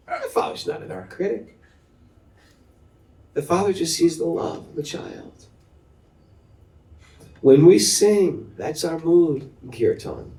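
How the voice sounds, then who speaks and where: A middle-aged man leading a devotional talk to a live group as its spiritual teacher, telling stories with animation and asking his listeners questions. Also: high-pitched. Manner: animated storyteller who asks the audience questions. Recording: echoey room, mic at a distance.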